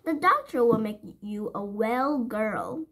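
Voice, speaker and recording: A woman voicing a cheerful, teasing window cleaner man, speaking slowly with a husky voice. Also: a little high, expressive, a bit bright, full character voice.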